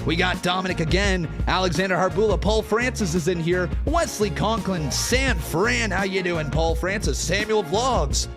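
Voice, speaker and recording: A young man hosting a live watch-along stream, loudly hyping up his chat with shouts and chants. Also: high voice, moderate pace, hardly any pauses. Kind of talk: hyped watch-along commentary. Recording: music under the voice. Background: music playing.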